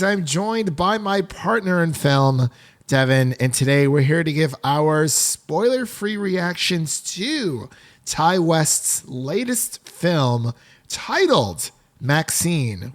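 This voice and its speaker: A man hosting a film podcast in a casual, upbeat, chatty way, laughing often between remarks. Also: a little high. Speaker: podcast host.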